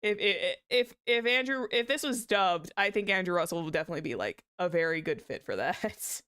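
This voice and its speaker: A woman's voice: on the low side, animated, fairly quick, fairly bright tone, clear, resonant tone, no room sound, studio quality. A young woman streamer chatting casually while playing a game, giggling and teasing herself. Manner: giggly, self-mocking, laughs often. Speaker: VTuber streamer.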